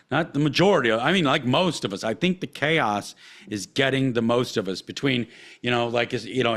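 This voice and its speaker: A man hosting a podcast, ranting heatedly and swearing at every turn. His voice sits at a middling pitch and lurches from low, muttered asides to loud outbursts. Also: vocal fry. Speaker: podcast host. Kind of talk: profane ranting monologue.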